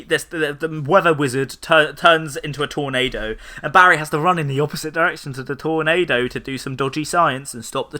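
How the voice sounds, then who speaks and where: A male podcast host in loose casual chat, rambling and joking as he retells a plot. His voice is strikingly bright and sits a little high, and he fills every gap with ums and likes. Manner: rambling, joking, lots of fillers.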